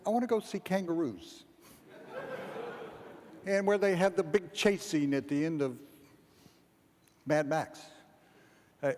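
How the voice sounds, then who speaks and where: A man giving a humorous keynote speech, rambling through a comic story and acting out the dialogue. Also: a little high. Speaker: keynote speaker. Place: large event hall. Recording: long hall reverb, faint background ambience.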